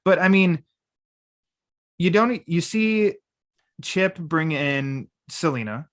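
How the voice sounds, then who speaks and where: A man's voice: on the high side, lively intonation, slow pace, fairly bright tone. Rambling man hosting a podcast chat. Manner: rambling, quotes lines playfully. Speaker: podcast host. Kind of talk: casual chat. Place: home.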